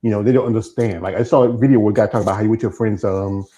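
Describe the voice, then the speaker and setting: A man's voice: fairly low pitch, fairly even intonation, very fast, mellow, poor audio. A man hosting a live streamed interview, talking in a rambling, chatty way that often stops and starts over. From American South. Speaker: podcast host. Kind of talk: casual interview chat.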